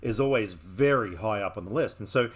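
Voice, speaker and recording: A man's voice: on the low side, a little fast, breathy edge. Male co-host, chatty and enthusiastic, loose casual delivery. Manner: enthusiastic, rambling with fillers and restarts. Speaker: podcast co-host. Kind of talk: casual film chat.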